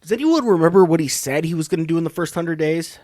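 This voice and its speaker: A man's voice: fairly high pitch, fast talker, darkish tone, no echo, studio quality. A man hosting a podcast, giving casual political commentary in a rambling, sarcastic, profane way. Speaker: podcast host.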